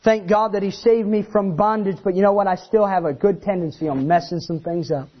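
High-voiced animated preacher man. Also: a little fast, muffled recording. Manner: animated, acts out quoted voices. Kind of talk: sermon.

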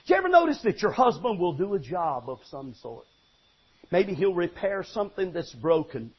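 Brief: older male pastor, husky high voice, animated sermon delivery, dull lo-fi recording. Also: moderate pace. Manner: animated, emphatic preaching with stammered restarts and sudden shouts.

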